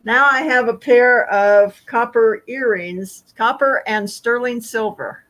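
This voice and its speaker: A woman who made the jewelry, explaining her pieces slowly and plainly. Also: on the high side, a bit bright.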